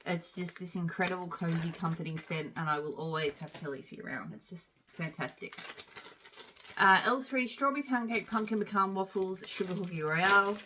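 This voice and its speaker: A woman's voice: fairly low pitch, moderate pace, pushed and bright, slight background noise. A woman chatting casually as she reviews wax melts, rambling with plenty of fillers. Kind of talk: casual product review chat.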